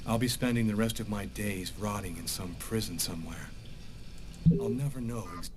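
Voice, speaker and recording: An actor playing a haunted young man who confesses his grim fate in a video game, speaking low and resigned. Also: normal speed, close to an everyday voice. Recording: game audio with long reverb and music.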